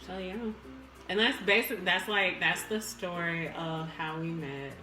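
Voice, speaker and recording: A woman's voice: on the low side, fairly even intonation, unhurried, echoey room, music in the background. A woman chatting casually to her viewers in a home vlog, laughing often and calling them y'all. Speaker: vlogger. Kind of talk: casual mukbang chat.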